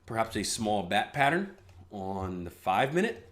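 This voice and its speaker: A man's voice: lowish voice, very animated, a little slow. A man hosting a live trading room, analyzing charts in a casual, chatty way with rambling asides.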